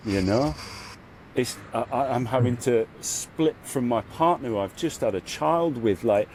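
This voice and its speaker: A man, a podcast guest and spiritual guide, talking earnestly and reflectively in a casual interview, leaning on "you know" and getting louder when he recounts his ordeal. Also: medium pitch, animated, normal speed, a little hiss or hum.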